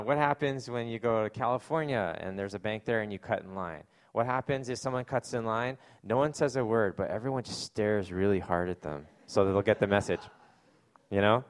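A man preaching a sermon, reading scripture slowly and then telling stories in a loose, chatty way with many fillers. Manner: acts out quoted people in loud high voices. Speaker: pastor.

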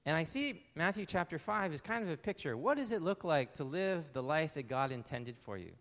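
A man preaching a sermon in a relaxed, conversational way, asking one rhetorical question after another. His voice sits a little higher than most men's, and it carries a long reverb, as if it fills a large hall. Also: fairly quick. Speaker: pastor.

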